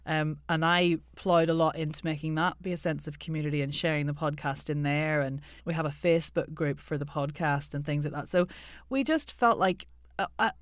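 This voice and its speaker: Woman, podcast co-host, animated and laughing, close dry sound. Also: low-pitched, a little fast, hardly any pauses, no room sound. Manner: animated, laughing, lively asides. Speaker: podcast co-host, voice and accent coach. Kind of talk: casual interview chat.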